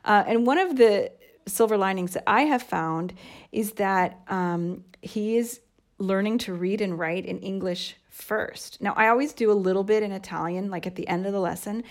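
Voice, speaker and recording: This is a woman from the United States in her thirties, talking in a relaxed, conversational way. She explains things eagerly, working through examples as she goes. Her voice sits in a middle pitch for a woman. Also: normal speed. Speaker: podcast co-host and mother. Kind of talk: casual chat.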